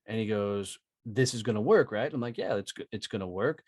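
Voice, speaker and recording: A man's voice: on the low side, fairly quick, a little mellow, no echo, studio quality. Brash, profane man telling stories. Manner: profane, emphatic, tag questions. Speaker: podcast guest, sales trainer. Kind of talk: casual storytelling.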